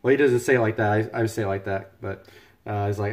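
A man's voice: lowish voice, quick pace. A man chatting casually on a cooking livestream, joking and thanking viewers by name. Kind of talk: casual live-stream chat while cooking. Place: home kitchen.

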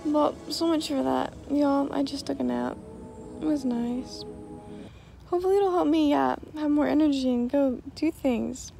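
Young woman vlogger, high voice with gravelly fry, chatty and upbeat, music underneath. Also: a little slow, dark tone. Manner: upbeat and chatty, drops y'all often. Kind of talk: casual vlog chat.

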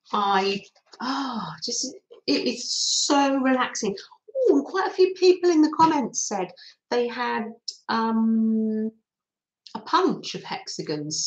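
Middle-aged woman from England, unhurried chatty craft host, fairly high voice, roomy echo. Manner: chatty, reminiscing, frequent laughs. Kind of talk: casual chat while crafting.

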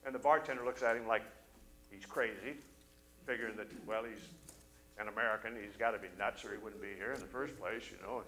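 A male pastor preaching a sermon, telling a story in an animated way and briefly acting out the voices of the people in it. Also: lowish voice, a little fast, rough recording. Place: church service.

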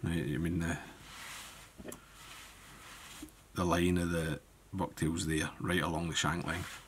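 Low-voiced man teaching fly tying. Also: slow pace, a little hiss or hum. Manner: relaxed, thinks aloud, talks through each step. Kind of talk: step-by-step tying tutorial.

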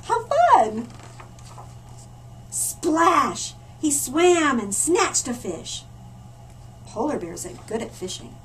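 Library lady reading a storybook to kids, high swoopy voice, kinda far from the mic. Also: slow pace. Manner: animated, with asides to the listeners. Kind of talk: reading a picture book aloud to children. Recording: distant mic with faint room noise.

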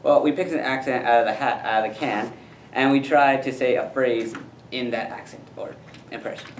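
A man's voice: medium pitch, steady tone, a little hiss or hum. Upbeat young guy hosting, roomy sound. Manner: upbeat, fast, loose. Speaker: host. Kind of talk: casual video chat. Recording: roomy, camera far off.

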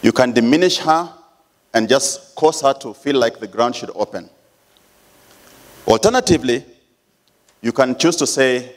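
Lively Kenyan man preaching a sermon. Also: mid-range voice, unhurried, pauses often. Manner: lively storytelling, emphatic. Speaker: church elder preaching.

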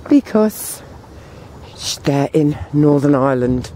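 A woman talking to the camera on an outdoor walk, meandering with many pauses and fillers. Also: sits low, background noise. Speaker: vlogger. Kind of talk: rambling walk-and-talk vlog.

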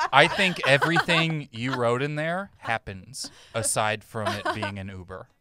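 A man's voice: mid-range voice, expressive, slow, long pauses, pushed and bright, a little hiss or hum. A man hosting a comedy podcast, chatting casually and hesitantly. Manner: rambling, hesitant. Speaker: podcast host. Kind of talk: casual chat.

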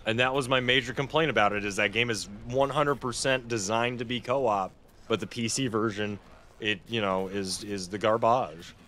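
Guy streaming a game, bright voice, swears n laughs a lot, bit of faint hiss. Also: on the low side, steady tone, moderate pace. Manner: chatty, swears freely, laughs often. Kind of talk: casual gameplay commentary.

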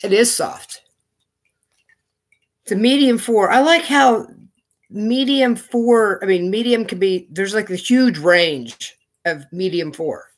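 A man's voice: sits high, takes it slowly. A man chatting casually as he opens fan mail on his knitting vlog, gushing and thinking aloud. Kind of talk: casual unboxing chat.

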